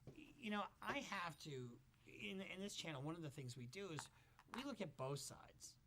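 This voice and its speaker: A man's voice: a little high, lively intonation, normal speed, pushed and bright, a little hiss or hum. A man hosting casual reaction commentary, talking bluntly and profanely as he thinks aloud. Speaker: commentary host.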